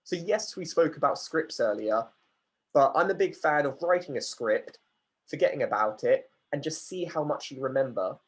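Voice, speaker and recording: A man leads an online workshop, answering questions from the chat in a chatty, relaxed way. His voice is husky and sits a little high. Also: normal speed. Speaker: workshop facilitator.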